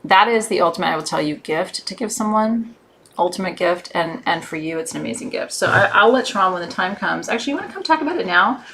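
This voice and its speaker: Woman host for a live shopping stream, lower pitch, chatty and effusive, faint background hiss. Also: lively intonation, quick pace, fairly bright tone. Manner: chatty, gushing, many fillers. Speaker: host selling crystals. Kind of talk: live shopping show chat.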